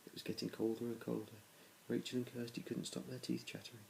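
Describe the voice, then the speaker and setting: A man's voice: medium pitch, level tone, quick pace, creaky, darkish tone, slight background noise, poor audio. A man reading a children's storybook aloud to his children, in a plain reading voice with small restarts. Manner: plain reading with small restarts, little change between characters.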